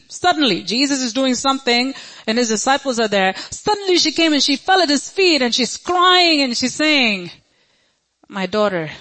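A woman's voice: fairly high pitch, fairly bright tone, poor audio. A woman preaching a sermon, emphatic and repeating her key phrases, with questions put to the congregation.

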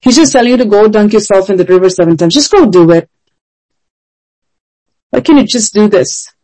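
A woman's voice: medium pitch, lively intonation, moderate pace, warm tone, low-quality recording. A woman preaching a sermon in an earnest, emphatic way, often asking rhetorical questions.

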